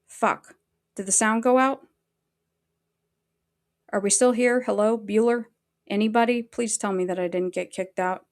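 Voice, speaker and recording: Brief: woman streamer, heated and profane rant, mid-pitched voice. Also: steady tone, measured pace, pauses often. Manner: angry, heavily profane. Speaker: livestreamer. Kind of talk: livestream rant.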